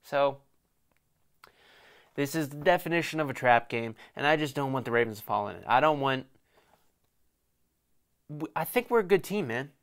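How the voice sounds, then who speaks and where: A man's voice: medium pitch, animated, fairly bright tone, clear, resonant tone. A young man hosting a casual solo sports podcast, rambling and joking as he previews a game. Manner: rambling, joking, fast bursts. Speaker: podcast host.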